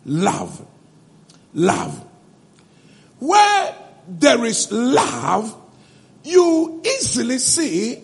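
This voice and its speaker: A man preaching a sermon to a congregation in a church, repeating phrases and building up to shouts. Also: very high-pitched, creaky. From Ghana. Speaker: pastor.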